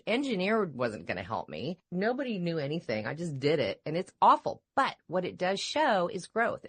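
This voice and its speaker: A woman voice-over coach and radio personality in casual chat, expressive and jokey. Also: lowish voice, breathy edge.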